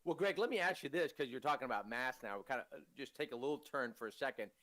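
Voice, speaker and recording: A man co-hosting a political talk show, telling stories in an animated, indignant way. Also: mid-range voice, quick pace. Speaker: co-host.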